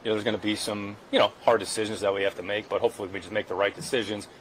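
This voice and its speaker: Gm at a presser, talks quick, fairly low voice, careful and guarded, lots of stock phrases. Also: male voice, little pitch movement, slight background noise, low-quality recording. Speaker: team general manager. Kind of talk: press conference answers.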